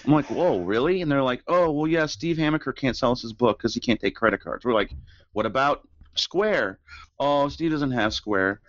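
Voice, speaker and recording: A man's voice: medium pitch, moderate pace, lo-fi sound. A man co-hosting a casual chat, teasing his friends and acting out both sides of his stories. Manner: teasing, animated storyteller, acts out exchanges. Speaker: podcast co-host.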